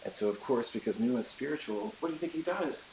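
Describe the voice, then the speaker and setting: A man's voice: medium pitch, animated, quick pace. A man teaching a class in a chatty storytelling way, with many fillers and asides, recorded in an echoey room with hiss. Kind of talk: casual classroom lecture.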